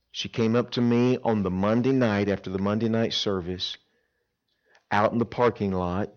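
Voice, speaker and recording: A man preaching a sermon at a camp, telling stories with dramatic swings between loud emphasis and hushed pleas. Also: on the low side. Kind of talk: sermon with storytelling. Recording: dull lo-fi sound.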